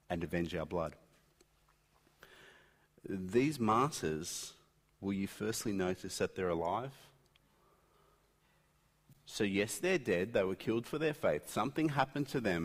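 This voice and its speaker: A middle-aged man preaching a sermon, swinging between loud emphatic peaks and quiet intensity. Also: low voice. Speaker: pastor. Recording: long hall reverb.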